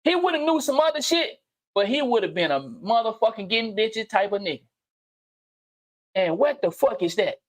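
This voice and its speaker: A man hosting a livestream and giving an unscripted motivational monologue, blunt and profane, repeating phrases and swinging from low murmurs to loud outbursts. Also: expressive, normal speed. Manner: blunt, preachy, profane street slang. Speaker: livestream host. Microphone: streaming mic.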